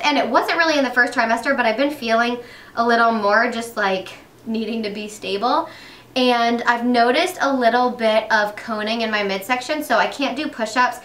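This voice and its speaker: A woman's voice: fairly high pitch, fairly bright tone. Young woman, casual makeup chat, upbeat, lots of fillers, mic at a distance, roomy echo. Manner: chatty, upbeat, many fillers and restarts. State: pregnant. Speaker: beauty vlogger.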